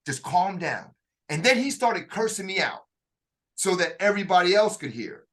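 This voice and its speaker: Brief: fairly high-pitched man, conversational storyteller, lots of restarts and acted-out quotes. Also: sing-song, normal speed, pushed and bright. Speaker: author telling his story.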